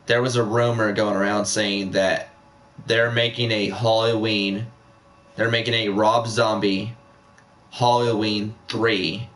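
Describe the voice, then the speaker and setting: A man's voice: lowish voice, level tone, slow, a bit bright. A young man chatting casually on a live stream, rambling with many fillers and repeating himself.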